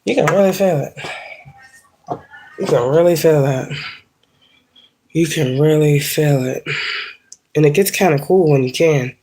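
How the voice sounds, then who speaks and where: Low-voiced woman in her 30s, congested. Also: a little slow, pauses often, mellow. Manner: rambling, profane, laughs often. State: congested from allergies. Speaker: spiritual livestreamer. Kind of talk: casual livestream chat. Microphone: phone.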